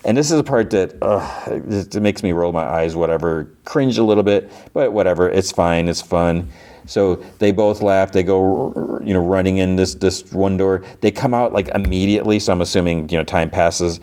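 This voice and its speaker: A man's voice: sits low, moderate pace, dark tone. A man hosting a podcast, casually retelling a TV episode and quoting its characters, with lots of fillers. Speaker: podcast host.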